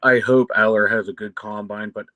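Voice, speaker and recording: A man with a Pittsburgh accent co-hosting a sports show, giving frank opinions with quick restarts. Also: fairly low pitch, steady tone, pushed and bright, dry recording, low-quality recording. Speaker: podcast co-host. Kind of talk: casual live sports talk.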